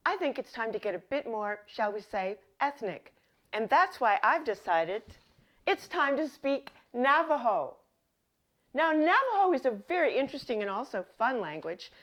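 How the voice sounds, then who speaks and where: A woman comedy host with a slightly high voice runs a comic mock language lesson. Posing as a self-styled professor, she speaks in a deadpan, mock-authoritative way.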